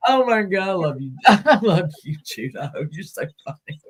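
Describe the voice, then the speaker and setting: A man's voice: high-pitched, sing-song, moderate pace, slightly rough. A man hosting a casual live stream, chatting and greeting viewers by name as he goes. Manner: chatty, greets viewers mid-sentence, laughs easily.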